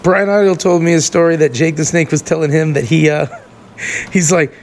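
A man chatting casually on a podcast, profane and quick to laugh. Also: fairly high pitch, slight background noise.

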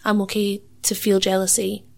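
A woman's voice: medium pitch, completely flat delivery, moderate pace, vocal fry. A young woman musician being interviewed, chatting casually, laughing often and saying "like" a lot. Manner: acts out other people's lines in quoted voices. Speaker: musician and MC, podcast guest.

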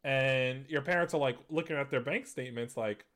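A man's voice: medium pitch, brisk, a bit bright. Casual man hosting gaming news. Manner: conversational, many fillers and restarts, laughs at points. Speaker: gaming news show host. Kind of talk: casual commentary.

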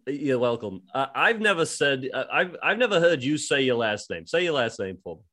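A man playing an elderly John Lennon with a Liverpool accent, deadpan and rambling as a podcast host. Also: mid-range voice, moderate pace. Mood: wry. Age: 70s. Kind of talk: improvised comedy podcast impression.

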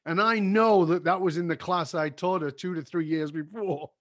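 Fairly high-voiced storytelling man. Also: moderate pace. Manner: animated storyteller who acts out quoted voices. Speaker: former seminar company owner. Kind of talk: casual conversation.

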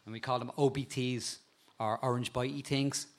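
A man with an animated way of telling stories, a guest talking casually about insects and spiders and laughing at times. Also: medium pitch, moderate pace. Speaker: guest, insect and frog expert. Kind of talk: casual storytelling chat.

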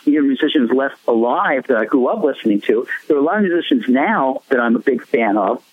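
A man's voice: medium pitch, expressive, fairly quick, dry recording. A man, a musician guest, telling rambling stories in a casual interview, laughing often. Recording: tinny phone line, dry.

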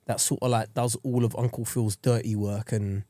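A man's voice: on the low side, normal speed, no room sound. A young man, co-hosting a casual podcast chat and retelling a show with put-on voices. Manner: animated storyteller, puts on character voices in retellings. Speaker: podcast co-host.

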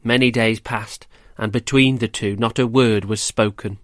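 A man reading a rhyming children's story aloud, gentle and measured, then quizzing children about it. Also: lowish voice, fairly even intonation, dry recording, studio quality. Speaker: storyteller and host.

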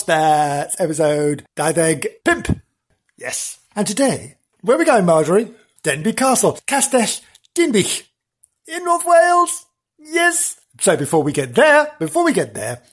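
A man hosting a podcast in a theatrical, giggly way, still husky after losing his voice. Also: fairly high pitch. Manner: theatrical, giggly, swoops up on exclamations. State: recovering from lost voice. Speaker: podcast host. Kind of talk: camp chatty podcast hosting.

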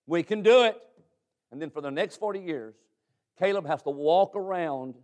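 High-pitched fervent preacher man. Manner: fervent exhorting, swinging from loud urging to quiet asides, repeated amens. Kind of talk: sermon.

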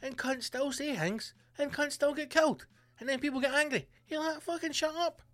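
A man hosting his own podcast, ranting in a profane, animated, mocking way and reading out news with sarcastic asides. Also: extremely high pitch, moderate pace, no echo. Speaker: podcast host. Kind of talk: solo comedic rant. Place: home studio bunker.

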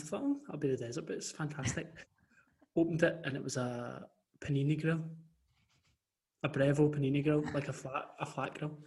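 A young man co-hosting a podcast over a video call, telling animated stories with frequent restarts. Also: fairly high pitch. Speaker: podcast co-host. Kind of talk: casual chat.

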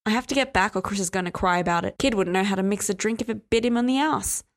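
A man's voice: high-pitched, fast talker. A short-fused young male bartender , as a woman reads him in an audiobook. He curses freely and bites off his words, his voice climbing and pushing hard when he is riled. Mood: brusque. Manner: cursing, barking, hot-tempered. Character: gruff, profane young male bartender, quick to anger. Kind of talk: audiobook character voice.

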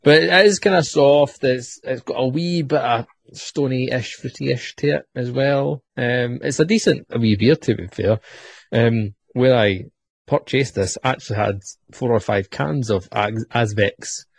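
Brief: Scottish man host, husky, dry close sound, rambling and jokey. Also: medium pitch, unhurried, no room sound. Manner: rambling, jokey, with lots of fillers. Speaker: podcast host. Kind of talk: casual chat, beer tasting.

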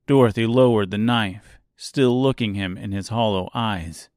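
A man reads an audiobook in a slow, measured way, his voice sitting low. The recording is close and dry, with no room echo at all. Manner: measured, even storytelling. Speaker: audiobook narrator. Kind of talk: scripted audiobook narration.

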